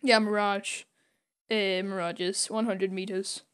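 A woman's voice: medium pitch, level tone, a little slow, clear, resonant tone. A young woman co-hosting a podcast, retelling a comic story with many ums and little laughs, acting out the characters' lines. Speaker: podcast co-host.

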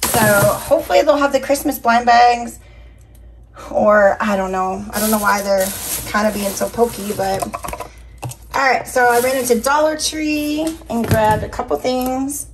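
A woman's voice: fairly high pitch, unhurried. A woman vlogger chatting casually through a shopping haul, upbeat and talking to her viewers, her voice a little scratchy. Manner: chatty, upbeat, addresses viewers as y'all and you guys. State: slightly scratchy voice. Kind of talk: casual haul video chat.

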